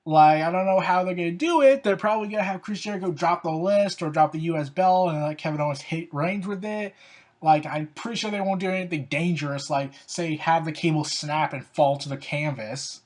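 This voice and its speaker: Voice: mid-range voice, brisk, darkish tone. A wrestling commentator giving casual opinion commentary, sarcastic and exasperated, with lots of "so, yeah" and "like" fillers.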